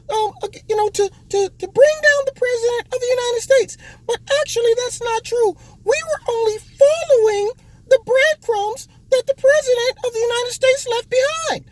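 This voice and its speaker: A man putting on a high, squeaky cartoon-mouse voice to mock a male newsman, speaking in a halting, mock-earnest falsetto. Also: a little mellow, low-quality recording.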